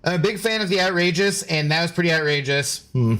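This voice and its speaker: A man's voice: a little high, a little fast, few pauses, a bit bright. Exasperated man ranting on stream. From United States. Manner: ranting, exasperated, swears casually. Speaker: gaming streamer. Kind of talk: casual live-stream commentary.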